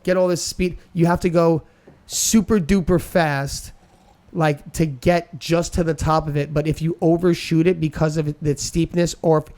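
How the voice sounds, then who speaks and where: A man co-hosting a podcast, telling a story in a lively, casual way, repeating words and acting out what people said. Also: a little high, normal speed. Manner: animated storyteller, acts out quotes, repeats words. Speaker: podcast co-host.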